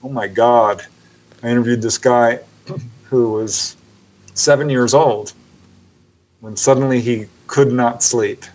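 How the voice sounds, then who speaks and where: A man who is a podcast guest, telling a story with lively narration that acts out the people in it and laughing often. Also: medium pitch, slow, long pauses, low-quality recording. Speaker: guest, author on UFO encounters. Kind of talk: animated storytelling in a podcast interview.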